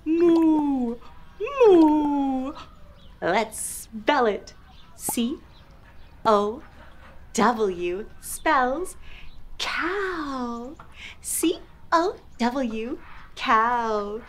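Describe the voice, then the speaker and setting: A young woman hosting a toddler learning show, speaking in an exaggerated sing-song way, making animal noises and spelling words out slowly. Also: fairly high pitch, animated, a bit bright, a little hiss or hum. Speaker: children's show host.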